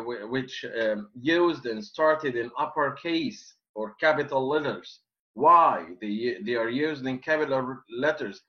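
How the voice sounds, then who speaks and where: A man teaching a poetry lesson, explaining slowly and repeating himself, with many fillers and restarts. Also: a little high, fairly bright tone, lo-fi sound. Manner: slow, repetitive explaining with frequent fillers and restarts. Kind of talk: classroom lecture.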